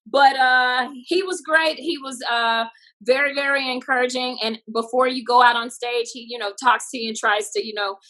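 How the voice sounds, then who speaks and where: A woman comedian from Texas, telling stories in a lively interview. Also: fairly high pitch, a little fast, low-quality recording. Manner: lively, acts out voices in her stories. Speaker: comedian guest. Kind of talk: animated storytelling interview.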